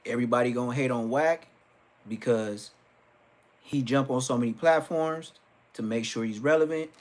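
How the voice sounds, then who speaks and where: A man's voice: medium pitch, moderate pace. Joking man streaming live. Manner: joking, storytelling with acted-out quotes. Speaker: livestream host. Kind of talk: casual livestream rant.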